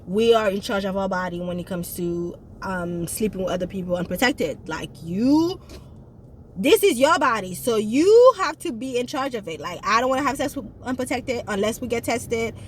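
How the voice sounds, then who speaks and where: A woman's voice: medium pitch, animated, moderate pace, a little hiss or hum. A woman in casual chat, reviewing a movie and talking straight to her viewers in an emphatic way.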